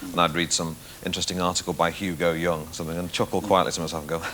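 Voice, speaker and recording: Comedian guest, thirties, bright crisp voice, lowish pitch, self-mocking anecdotes. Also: male voice, level tone, rapid-fire, a little hiss or hum. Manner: self-deprecating storytelling, stammers, slips into voices. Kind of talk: anecdotal chat show talk.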